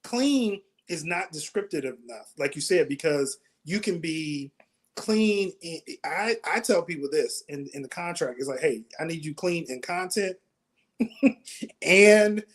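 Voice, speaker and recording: High-voiced male comedy host. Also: measured pace. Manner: animated storytelling with laughs. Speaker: comedy show host and producer. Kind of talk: casual interview chat.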